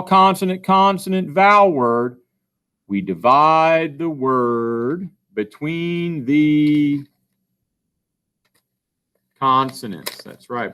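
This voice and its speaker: A male teacher with a slightly high, fairly bright voice leads a phonics lesson. He patiently poses questions and answers them himself in this recorded classroom session.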